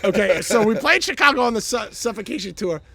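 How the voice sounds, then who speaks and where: High, gravelly middle-aged man chatting. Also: expressive, brisk, pushed and bright. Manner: laid-back, swears freely, laughs through stories. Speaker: band member hosting a live Q&A. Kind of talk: casual chat.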